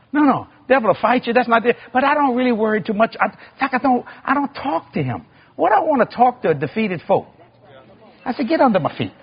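Man, preacher, high husky voice, lively storytelling, dull lo-fi sound. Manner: animated, acts out sounds and voices, builds to shouting. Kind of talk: sermon storytelling. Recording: muffled lo-fi recording.

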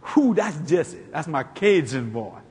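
A man's voice: on the high side, big pitch swings, a little slow, darkish tone. A man voicing God as a fond, encouraging heavenly father who coaxes and repeats himself. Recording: long hall reverb, faint noise.

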